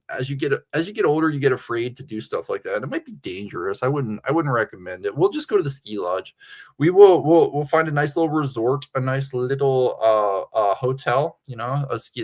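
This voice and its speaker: A slightly tipsy man hosting a livestream, rambling crudely and laughing often. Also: mid-range voice. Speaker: livestream host. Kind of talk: casual livestream chat.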